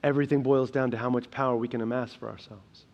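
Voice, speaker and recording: A young adult man preaching a sermon as pastor, earnest, shifting between quiet emphasis and loud, urgent passages. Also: mid-range voice, steady tone, fast talker, gravelly, muffled recording. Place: church sanctuary.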